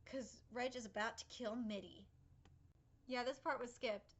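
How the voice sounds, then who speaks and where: A young woman hosting a live anime reaction, excitable and rambling, swearing freely as she comments. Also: a little high, a little slow.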